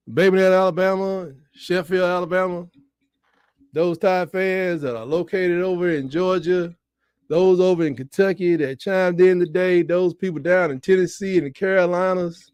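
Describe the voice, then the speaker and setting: A man giving live, excitable reaction commentary on a football game, swinging between shouts and mutters. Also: sits high, clear, resonant tone, no echo, clean studio sound. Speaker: fan watch-along host.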